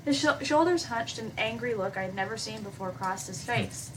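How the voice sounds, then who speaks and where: A woman hosting a game playthrough, reading a visual novel aloud in an expressive, animated way and adding her own comments. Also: fairly high pitch, normal speed, far from the mic, poor audio. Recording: voice from away from the mic with faint hiss.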